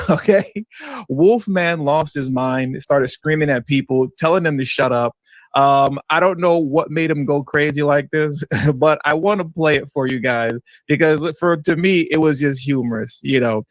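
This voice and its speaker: A Californian man with a fairly high voice hosts a livestream of casual political commentary for his live audience. He is sarcastic and mocking, repeats phrases for effect, and chuckles along the way. There is no echo.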